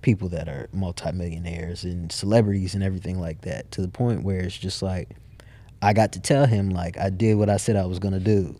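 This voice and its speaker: A man's voice: low voice, steady tone, fairly quick, warm tone. A man guest in a casual interview, telling his story and acting out what he and others said. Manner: storyteller who acts out his own quotes. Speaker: podcast guest, entrepreneur.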